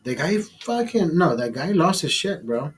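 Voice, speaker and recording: A man casually telling a profane story in a vlog, animated and blunt. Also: on the high side, unhurried, low-quality recording. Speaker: vlogger.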